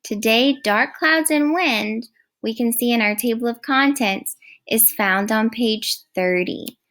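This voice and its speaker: Brief: woman teacher, fairly high voice, unhurried, clear and encouraging reading lesson. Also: fairly bright tone. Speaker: first grade teacher. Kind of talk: recorded phonics lesson.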